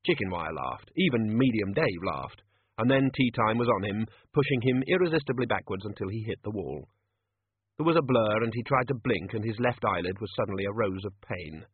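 A man narrating an audiobook in a measured, dry storytelling manner. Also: lowish voice, expressive, slightly rough, no echo. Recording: tinny phone-like dry audio.

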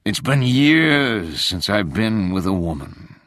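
A man's voice: lowish voice, sing-song, slow, fairly bright tone, dry recording, clean studio sound, heavily acted. A man voicing a playful man who fakes an eerie, moaning ghost voice from a closet, drawn out and theatrical. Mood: mock spooky.

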